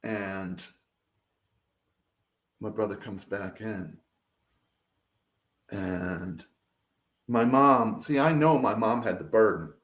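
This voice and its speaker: American guy telling his story, big swings in his voice, echoey room. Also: medium pitch. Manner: animated, acts out quoted voices loudly. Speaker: interview guest. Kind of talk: storytelling in a casual interview.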